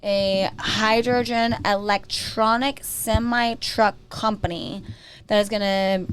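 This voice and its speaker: A woman's voice: mid-range voice, steady tone, takes it slowly, clear, resonant tone. An Arizona-born woman co-hosting a casual real estate market chat, joking and restarting her sentences. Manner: chatty, joking, trails off and restarts.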